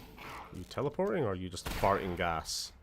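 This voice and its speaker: A man's voice: low-pitched, sing-song, moderate pace, vocal fry, fairly bright tone, a little hiss or hum. Sarcastic man streaming a game. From Scotland. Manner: sarcastic, swears freely, jokey. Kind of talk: casual gameplay commentary.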